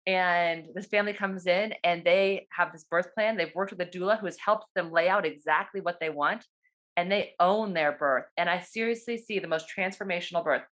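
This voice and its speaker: A woman, a doula and former nurse, telling her own story in a casual, animated and excited way over a video call. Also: lowish voice, normal speed. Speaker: doula and birth worker.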